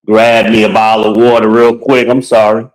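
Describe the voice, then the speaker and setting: Low-voiced, boastful man. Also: level tone, normal speed, low-quality recording. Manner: boastful, loose and joking, swears freely. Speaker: podcast host. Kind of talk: casual monologue to viewers. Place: walking through his own home.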